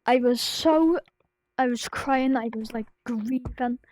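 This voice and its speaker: Vlogger, woman, grieving and near tears; slow, faltering delivery with fillers and restarts. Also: on the high side, slight background noise, low-quality recording. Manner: halting, full of restarts and fillers, drifting into soft whispers. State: grieving, close to tears, sad voice. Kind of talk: personal confessional vlog.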